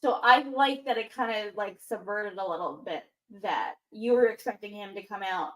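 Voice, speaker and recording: A woman co-hosting a casual wrestling chat, giving quick, opinionated recaps. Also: mid-range voice, rough recording. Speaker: co-host.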